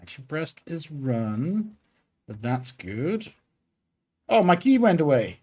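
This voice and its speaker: A man's voice: fairly high pitch, sing-song, takes it slowly, darkish tone. A man streaming his game development work, chatting casually and thinking aloud with many fillers. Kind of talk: casual live coding stream.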